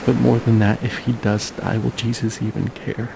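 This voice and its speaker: A man narrating as a father, reflective and searching, asking quiet questions. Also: mid-range voice, flat delivery, moderate pace, creaky, background noise. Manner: questioning, searching, soft-spoken. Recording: music under the voice.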